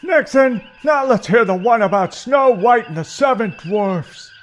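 A man's voice: very high voice, animated, a little slow, faint music behind. A man voicing an impatient male officer who hurries the others along in a comedy audio play. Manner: brusque, impatient. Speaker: voice actor.

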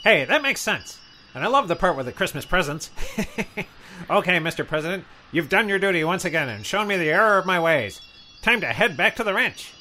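Brief: man playing a perky, pompous rich miser, high, bright, bouncy delivery. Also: very animated, brisk, a little hiss or hum, heavily acted. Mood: chipper. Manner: cheery, eager, chuckling, pompous. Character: chipper, wealthy miserly politician as Scrooge. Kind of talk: radio comedy sketch.

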